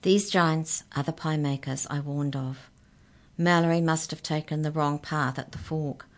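A woman reading a storybook aloud, voicing a calm, wise mouse who speaks softly and quietly. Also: deep voice, a little slow. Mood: hushed. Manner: soft and hushed.

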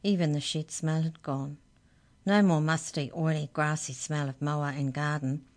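A woman hosting a radio storytime, reading a children's book aloud in an expressive, gentle way. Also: deep voice, normal speed. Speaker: storytime reader on community radio.

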